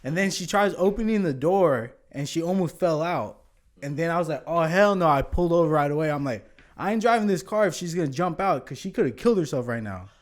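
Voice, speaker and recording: On a podcast, a male guest with a fairly high voice talks a little fast as he casually spins a long story. He's animated, swears a lot, and acts out what people said.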